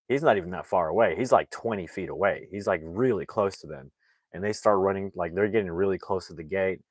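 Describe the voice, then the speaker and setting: A man with a deep, low voice rambles through a movie plot in a loose, casual way, full of "like" and "you know". The sound is dry and close, with no room around it. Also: no echo. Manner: rambling, filler-heavy retelling, acting out lines with raised shouts. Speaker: movie reviewer.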